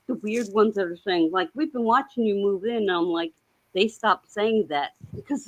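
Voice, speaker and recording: A woman on a video call, chatting casually and telling rambling, animated stories. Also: on the high side, poor audio. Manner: rambling, animated storytelling with laughs. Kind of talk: casual chat.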